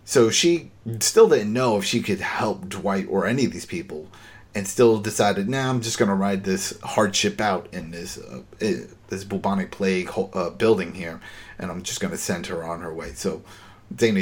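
Husky man recapping with animated retelling. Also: deep voice, normal speed. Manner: animated storyteller, acts out dialogue. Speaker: podcast host recapping a TV episode. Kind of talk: casual recap talk.

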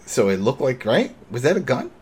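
A man co-hosting a casual recap chat, retelling scenes with lively acted-out lines. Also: medium pitch, moderate pace, husky. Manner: animated retelling, acts out characters' lines. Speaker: podcast co-host.

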